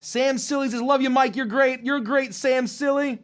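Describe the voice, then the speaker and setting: A man's voice: very high voice, steady tone, moderate pace. A man hosting a casual live stream Q&A, reading out viewer messages with jokes and swearing. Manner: joking and profane, thanking viewers.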